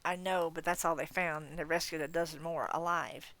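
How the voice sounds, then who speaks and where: Calm, quiet steady man, read by a woman. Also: low-pitched, fairly quick, dry recording. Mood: somber. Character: calm steady older man, a kind friend.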